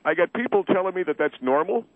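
A blustering, indignant middle-aged steakhouse owner, put on by a man for a radio comedy bit, talking a little higher than an ordinary man. He is defensive and repeats himself, and the line sounds thin and phone-like with no room sound at all. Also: lively intonation, fast, no echo. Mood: outraged. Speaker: guest.

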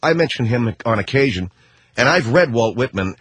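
A man's voice: medium pitch, expressive, normal speed, fairly bright tone, slightly rough, dry recording. A man hosting a talk radio show, speaking in a sarcastic and emphatic way in a studio. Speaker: radio host.

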